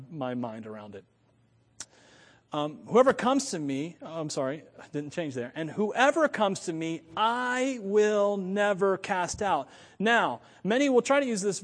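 An American man preaches with a high, lively voice, thinking out loud and often catching and correcting himself. His delivery is animated, and a long hall reverb trails every phrase. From United States. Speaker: pastor. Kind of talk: sermon.

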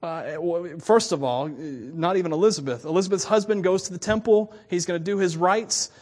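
A woman's voice: lowish voice, moderate pace, darkish tone, breathy edge. A woman pastor giving a sermon in a casual, chatty way, with laughing asides. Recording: long reverb of a church hall.

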